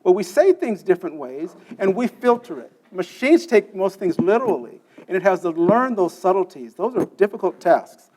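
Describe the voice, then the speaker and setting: A mellow, sing-song voice that sits high carries this man's technical conference lecture at normal speed with hardly any pauses. In the session room he explains step by step, quizzes the audience, and often checks in with "okay?".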